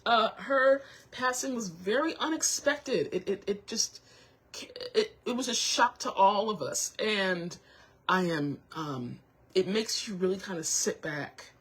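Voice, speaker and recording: A young woman hosting her own show, talking to viewers while close to tears, halting with many restarts and apologies. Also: medium pitch, expressive, a bit bright, breathy edge. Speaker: show host. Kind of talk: emotional personal talk to viewers.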